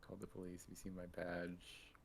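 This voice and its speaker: Casual streamer, low husky male voice, offhand chat with faint game music behind. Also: monotone, brisk. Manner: casual, offhand, swears freely. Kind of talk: casual gaming commentary. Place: home streaming setup.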